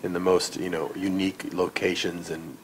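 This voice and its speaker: Very deep-voiced man at a film junket. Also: little pitch movement, moderate pace, slight background noise, poor audio. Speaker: film director. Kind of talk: press junket interview.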